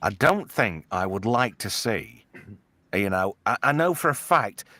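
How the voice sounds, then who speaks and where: A man's voice: on the low side, measured pace, no echo. A man co-hosting a late-night live stream, reading the chat and trading jokes with a lot of swearing. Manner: swearing, joking, lively impressions.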